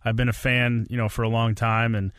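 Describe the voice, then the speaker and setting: A man's voice: medium pitch, little pitch movement, a little fast, fairly bright tone, smooth, dry recording, clean studio sound. A man who is a football coach, chatting in a friendly, easygoing way as a podcast guest. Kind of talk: casual podcast chat.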